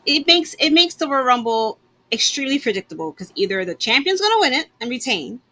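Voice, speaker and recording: A woman's voice: high voice, big pitch swings, brisk, bright, forceful tone. A woman co-hosting a podcast, talking bluntly and casually, swearing and laughing often. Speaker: podcast co-host. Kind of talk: casual chat.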